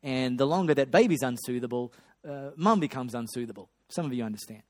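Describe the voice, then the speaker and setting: A man preaching a sermon, swinging between loud excitement and hushed storytelling. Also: medium pitch, fast. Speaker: pastor.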